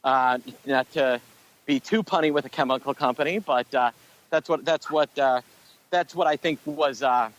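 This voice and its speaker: A man's voice: medium pitch, moderate pace. A man co-hosting a podcast, giving casual market commentary in a wry, punning, somewhat hesitant way. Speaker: podcast co-host.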